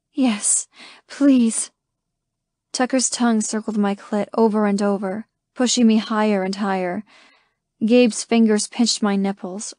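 A woman reading a first-person romance audiobook in a slow, intimate way. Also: mid-range voice, warm tone, no room sound, studio quality. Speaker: audiobook narrator. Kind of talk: scripted first-person narration.

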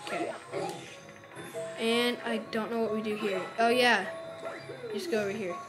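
A woman chats her way through a video game, exclaiming and groaning when things go wrong. Her voice sits fairly high. Game music plays clearly behind her. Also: steady tone, moderate pace, low-quality recording. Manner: chatty, exclaims and groans in frustration. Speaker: let's play gamer. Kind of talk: casual gameplay commentary.

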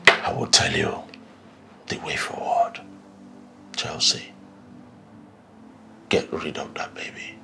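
A man's voice: very deep voice, sing-song, gravelly, in a whisper, heavily acted. A man playing a resentful, controlling husband. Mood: coaxing. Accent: Nigerian English. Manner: slow, deliberate, swings from hushed to loud pleading. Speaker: actor playing an estranged husband. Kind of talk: film drama acting.

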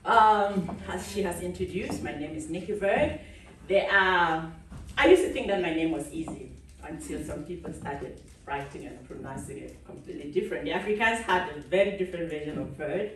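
A woman's voice: fairly low pitch, expressive, normal speed. A woman from Cameroon giving a chatty, audience-engaging conference keynote. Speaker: keynote speaker. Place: large conference hall. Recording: echoey hall from a distance.

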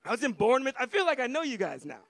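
American male stand-up, young, very high and bright voice, loose chatty crowd work on a club stage. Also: sing-song, racing, creaky, no echo, studio quality. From United States. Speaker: stand-up comedian. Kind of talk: stand-up comedy set.

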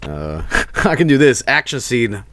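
A man streaming casually, giggling, excitable and swearing as he works. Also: mid-range voice, measured pace, dry recording. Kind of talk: casual livestream commentary.

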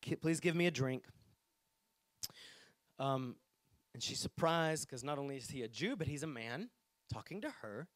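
A man's voice: medium pitch, lively intonation, moderate pace, long pauses, no room sound, studio quality. A man preaching a sermon to his congregation, reading scripture aloud and speaking to the people directly. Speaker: pastor. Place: church sanctuary.

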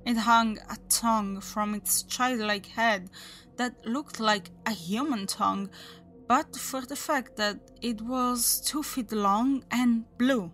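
A woman reading a horror story aloud as its narrator, in a measured, deliberate storytelling manner. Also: on the high side, a bit bright. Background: faint background music.

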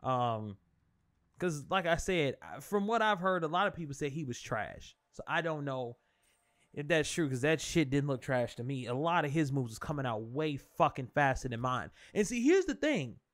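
A man's voice: mid-range voice, normal speed. A young man commentating his own fighting-game match, swearing a lot and talking to his opponent and viewers, easily worked up. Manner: profane, excitable, talks to his opponent and viewers. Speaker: gaming channel host. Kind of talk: live gameplay commentary.

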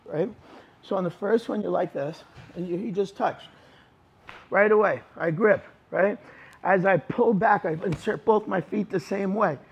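A man's voice: high-pitched, gravelly, slightly rough. A man teaching a jiu-jitsu class in a gym, talking through techniques as he demonstrates them, informal and emphatic. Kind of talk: live class instruction. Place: training gym.

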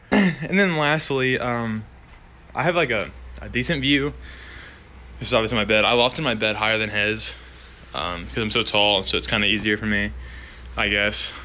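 A young adult college student gives a casual tour of his dorm room to a handheld camera, rambling, wandering off topic, and using plenty of fillers. His fairly low voice has a sharp tone and moderate pace with frequent pauses, and there's slight background noise.

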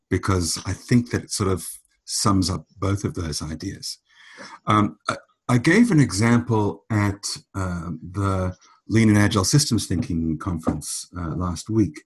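A man's voice: low-pitched, husky. A man hosting a podcast, explaining ideas in a thoughtful, storytelling way. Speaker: podcast host.

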